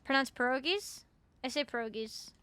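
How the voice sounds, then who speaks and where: A woman's voice: sits high, normal speed, bright, forceful tone, a little hiss or hum. A young Canadian woman chatting casually with viewers while gaming, full of fillers and swearing. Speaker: streamer. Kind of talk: casual live-stream chat while gaming.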